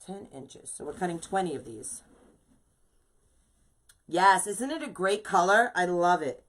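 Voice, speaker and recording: A woman's voice: on the low side, animated, a little slow, poor audio. A woman with a New York accent hosting a casual live craft tutorial, chatting with viewers and dotting her talk with "you know". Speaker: craft shop owner hosting a live wreath-making stream.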